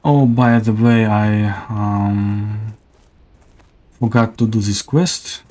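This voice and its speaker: A man's voice: on the low side, steady tone, slow, dark tone. A man giving casual, hesitant gameplay commentary as a streamer. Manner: hesitant, many fillers.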